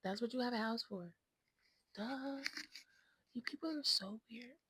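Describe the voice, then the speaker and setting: Unhurried and husky, her voice is a little high and a bit bright. She's a woman in her twenties vlogging from home, talking casually and frankly into her phone, rambling, self-absorbed and often whispering. The recording is dry with poor audio.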